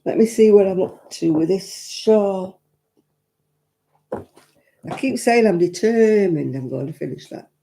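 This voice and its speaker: A frank, chatty Englishwoman hosts a live crafting stream, answering her viewers' comments as she goes. Her voice is very dark and mellow. She laughs easily and speaks her mind. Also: medium pitch, slow, vocal fry, pauses often. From England. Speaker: crafting livestream host. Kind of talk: chatty livestream talk.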